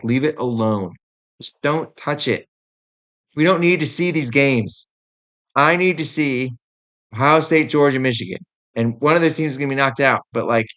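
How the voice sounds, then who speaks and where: Exasperated young man ranting. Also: medium pitch. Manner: animated, exasperated, casual with many fillers. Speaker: podcast host. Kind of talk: opinionated sports rant.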